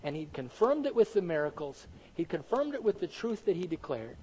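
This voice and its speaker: High-voiced male preacher, animated. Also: fairly quick, slight background noise, poor audio. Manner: animated, full of rhetorical questions. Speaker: pastor. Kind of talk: sermon.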